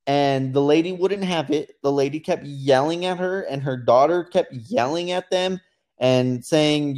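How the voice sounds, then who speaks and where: A man with a fairly high voice recounts events in a casual podcast chat. He slips into quoted voices as he tells the story. His delivery is animated and conversational. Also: measured pace. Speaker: podcast co-host.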